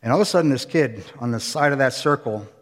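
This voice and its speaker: A man preaching a sermon, telling a story in an animated way and acting out the scenes. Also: mid-range voice, fast talker, long reverb tail. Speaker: pastor. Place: church hall.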